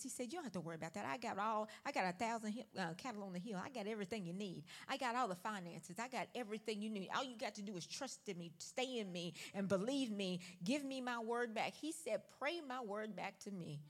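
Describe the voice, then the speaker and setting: A woman's voice: mid-range voice, lively intonation, quick pace, few pauses. A woman preaching a live sermon in a church, speaking with a fervent preaching cadence and repeated emphatic phrases. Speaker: church first lady preaching. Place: church worship center.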